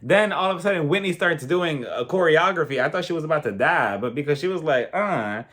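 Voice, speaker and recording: A man's voice: fairly high pitch, animated, quick pace, fairly bright tone. Chatty man recapping a TV episode. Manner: chatty, opinionated, addresses viewers directly. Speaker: TV show reviewer.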